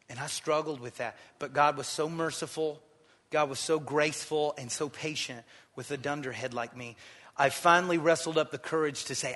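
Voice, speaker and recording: A man pastor preaching a sermon, calling on the congregation to answer and swinging from loud exhortation to quiet storytelling. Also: mid-range voice, steady tone, moderate pace, in a large hall.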